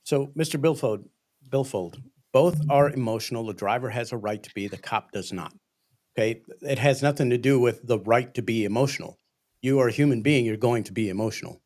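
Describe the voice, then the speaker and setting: A man's voice: mid-range voice, fairly quick, darkish tone. A man, a police training instructor, earnestly explaining emotional regulation on a livestream. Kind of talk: livestream discussion.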